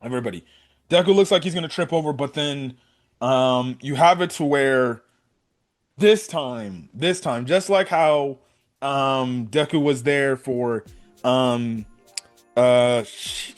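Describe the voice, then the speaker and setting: A young man giving a casual, excited episode review, talking in a loose run of fillers and slang. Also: medium pitch, takes it slowly, soft background music. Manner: excited fan talk, many fillers and "bro". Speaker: anime reviewer.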